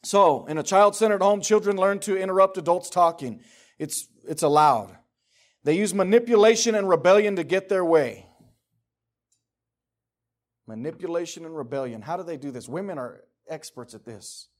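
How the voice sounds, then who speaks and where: A middle-aged man with a higher-sitting voice delivers a casual sermon at normal speed, speaking conversationally and emphatically while acting out the voices he quotes.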